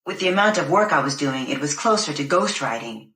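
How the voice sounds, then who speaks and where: A woman narrates an audiobook in the first person. Her voice sits on the low side, and her reading is measured and expressive. The recording has a noticeable room echo.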